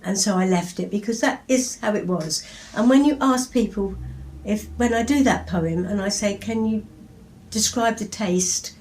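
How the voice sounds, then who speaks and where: An English woman in her seventies tells stories about her poems in a chatty, anecdotal way. Her reading voice is lively, and she tells each tale like an old memory. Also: medium pitch, moderate pace, slight background noise. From England. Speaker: poet. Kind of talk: storytelling and poetry reading.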